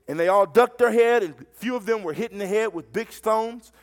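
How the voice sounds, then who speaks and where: High-voiced fervent male preacher. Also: brisk. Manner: fervent, storytelling, repeats words when restarting. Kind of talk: sermon.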